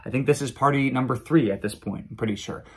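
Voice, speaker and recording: A man's voice: mid-range voice, fast, creaky, breathy edge. A man hosting a daily Bible reading video, retelling scripture in a chatty, casual way. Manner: chatty, with many fillers and restarts.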